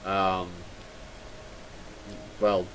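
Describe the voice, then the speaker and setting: A man's voice: low voice, completely flat delivery, extremely slow, slight background noise. A tired young man chatting casually and self-mockingly to viewers while streaming a game, rambling and joking at himself. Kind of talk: casual live-stream chat.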